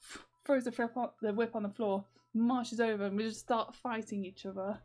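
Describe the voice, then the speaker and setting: A woman's voice: on the high side, steady tone, moderate pace, darkish tone, faint music behind. Rambling, giggly young woman vlogger. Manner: rambling, lots of fillers, giggly. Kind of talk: casual chat to viewers.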